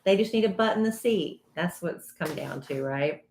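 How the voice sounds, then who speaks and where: A woman's voice: lowish voice, animated, moderate pace, creaky, darkish tone, reverberant. A woman co-hosting a live stream, chatting casually and teasing her co-host in a dry way.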